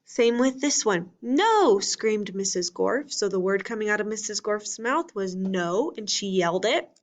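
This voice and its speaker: A woman's voice: medium pitch, animated, moderate pace. A woman teacher giving a recorded lesson for children, explaining patiently step by step and reading lines from books aloud with expression.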